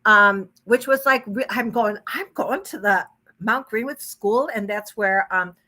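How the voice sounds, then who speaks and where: A woman's voice: mid-range voice, a little slow, sharp tone. A woman guest telling stories in a casual podcast chat, chatty and enthusiastic about her hypnosis work.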